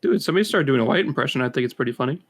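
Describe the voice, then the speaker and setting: A man's voice: mid-range voice, animated, racing. A young man co-hosting a podcast, offhand and chuckling, often saying "dude". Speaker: podcast co-host. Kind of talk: casual podcast banter.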